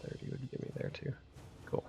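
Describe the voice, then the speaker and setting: A man's voice: a little fast, mellow. A man playing a tabletop game, hesitantly thinking aloud through his move. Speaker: player.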